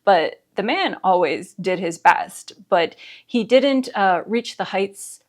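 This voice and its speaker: A woman's voice: mid-range voice, slow. A woman hosting a wrestling reaction video, gasping and laughing as she reacts live, then recapping in casual chat. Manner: excitable, gasping, laughing often.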